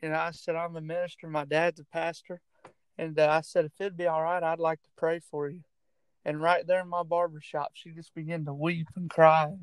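A man's voice: on the high side, little pitch movement, moderate pace, clean tone, dry recording. A man who is a minister and a barber, earnestly telling stories in a casual chat. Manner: earnest, laughs often. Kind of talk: casual storytelling.

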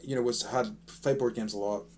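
A man's voice: mid-range voice, fairly even intonation, a little fast, darkish tone, slight background noise. A man co-hosting a casual podcast chat, rambling and self-correcting as he talks, often breaking into laughter. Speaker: podcast co-host.

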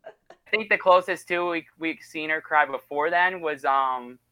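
A young woman in casual chat about a cartoon, retelling scenes in a lively way and acting out the characters' lines. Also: sits low, measured pace, clear, resonant tone, no room sound. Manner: lively storytelling that acts out scenes in quoted voices. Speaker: podcast co-host reviewing a cartoon.

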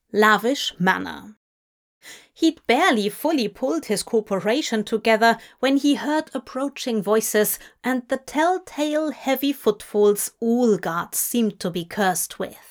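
A woman narrates a fanfic audiobook at an unhurried pace, shaping the story with expressive turns. Her voice sits a little high and stays measured. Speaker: audiobook reader. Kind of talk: scripted narration.

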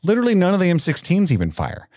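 A man's voice: high-pitched, rapid-fire, no room sound, studio quality. A man co-hosting a podcast, telling a story and recapping a film in casual chat, acting out quotes as he goes. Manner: animated storytelling, acts out quotes. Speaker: podcast co-host.

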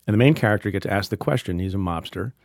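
A man's voice: fairly low pitch, fast talker, gravelly, dry recording. A man hosting a studio interview podcast, reading an ad and then questioning his guest with wry humor. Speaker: podcast host. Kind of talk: interview with ad read.

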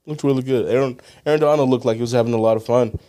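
A young man co-hosting a casual sports chat, easygoing and agreeable, quick to laugh. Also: mid-range voice, steady tone, mellow. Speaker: co-host.

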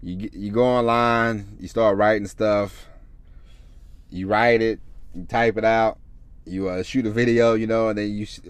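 A man talks through his solo podcast in a loose, rambling flow, restarting his sentences and swearing freely. His voice sits on the low side, and the recording is dry and close with no room sound. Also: steady tone, a little slow, clear, resonant tone, no echo. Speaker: podcast host. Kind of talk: casual solo podcast talk.

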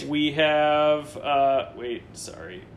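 A man hosting a casual fantasy football chat, reading through a roster in quick lists and joking with his co-host. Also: a little high, slight background noise. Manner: lively, lists players in quick runs, jokey.

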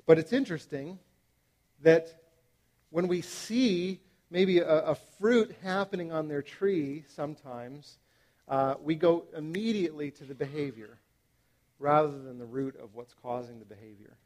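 A man in his thirties preaching to parents, animated and emphatic, with frequent fillers and restarts. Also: a little high, unhurried. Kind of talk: sermon to parents.

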